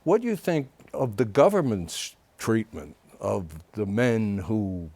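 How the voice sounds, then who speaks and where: A man hosting a TV interview, asking a long, measured question with some hesitation. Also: fairly low pitch, animated, darkish tone, no echo. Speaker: TV interview host. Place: TV studio.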